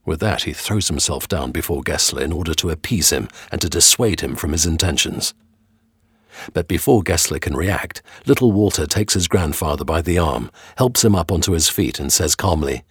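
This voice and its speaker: A man with a very deep, husky voice narrates a dramatic audio storybook. He tells the tale expressively, his pitch swinging widely, and the recording is close and dry. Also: lively intonation, normal speed, no room sound.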